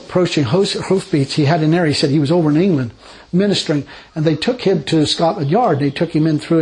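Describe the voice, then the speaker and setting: Folksy preacher man, high voice. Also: low-quality recording. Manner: folksy, rambling, animated storytelling with laughs. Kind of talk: informal sermon with personal stories.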